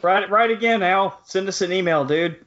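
A man's voice: high-pitched, normal speed, a bit bright, highs cut off. A man co-hosting a podcast, bantering and joking with the others. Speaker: podcast co-host. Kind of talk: casual chat.

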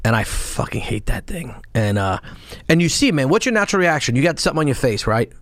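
Profane, animated New storyteller man. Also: mid-range voice, quick pace, dry recording. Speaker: podcast guest, former Marine and police sergeant. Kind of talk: casual storytelling interview.

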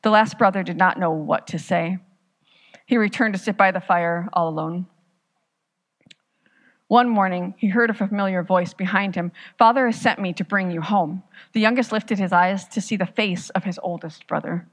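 Woman pastor, sermon storytelling, measured and dramatic, lowish voice. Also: big-room sound.

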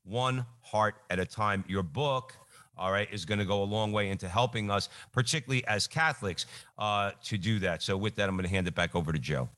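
Low-voiced guy co-hosting radio, steady announcer tone, hands off to the other host. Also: fairly quick. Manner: steady announcer-style hand-offs.

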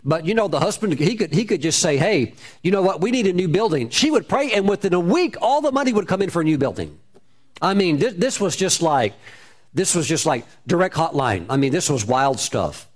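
A man's voice: on the high side, sing-song, brisk. A man preaching a sermon, telling a story with repeated phrases and shifting emphasis. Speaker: pastor.

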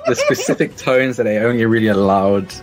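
A man playing in a tabletop game stream, chatting in an animated, rambling way and laughing often. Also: lowish voice, brisk, soft background music. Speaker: tabletop player. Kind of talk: casual chat.

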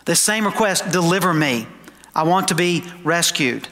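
A man preaching a sermon to his congregation, emphatic, slowing down for quoted scripture and dropping into conversational asides. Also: high voice, sharp tone. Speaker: pastor. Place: church sanctuary. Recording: long hall reverb.

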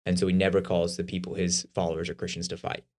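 Male podcast co-host, low voice, rapid conversational delivery, casual faith discussion. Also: completely flat delivery, darkish tone. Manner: quick, conversational, explaining with everyday examples.

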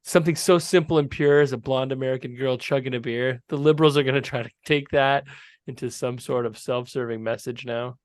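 A man's voice: medium pitch, fairly even intonation, fairly quick, no echo. A man co-hosting a podcast in casual chat, sarcastic and often laughing. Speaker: podcast co-host.

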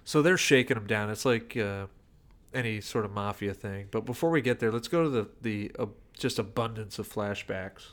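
A man co-hosts a podcast, chatting casually about a movie and slipping in dry, joking asides. His voice is on the low side and he speaks at a normal speed.

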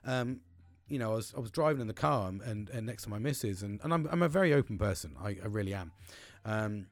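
A podcast host talks on his own about personal things in a loose, rambling way, restarting sentences and swearing plenty. His voice is lowish and the recording is dry.

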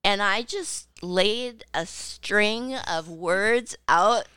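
A middle-aged woman co-hosting a podcast in casual chat, relaxed and laughing easily. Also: mid-range voice, drawn-out words, clean tone, no echo. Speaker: podcast co-host.

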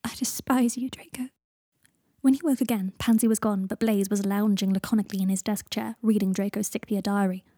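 A woman narrating a fan fiction audiobook in a steady storytelling read. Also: medium pitch, quick pace, few pauses, no room sound, clean studio sound.

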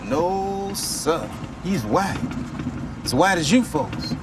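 An actor playing a soft-spoken young drifter guitarist with a Southern US drawl, in a film scene with loud outdoor noise behind him. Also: male voice, sits high, expressive, takes it slowly. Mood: calm, earnest.

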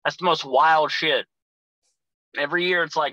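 A man, a wrestler guest telling profane, animated stories and acting out his own shouting. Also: on the high side, moderate pace, no room sound, low-quality recording. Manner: profane, animated storyteller, acts out shouting in quotes. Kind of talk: casual storytelling chat.

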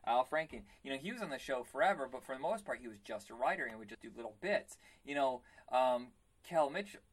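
Man, podcast co-host: rambling, self-deprecating, full of ums, mid-pitched everyday voice. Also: lively intonation, fast talker. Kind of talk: casual chat.

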